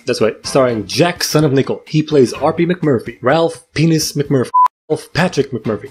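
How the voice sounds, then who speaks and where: A man's voice: medium pitch, darkish tone. A man narrating comedic movie recaps in a crude, profane, sarcastic way, often breaking into silly voices.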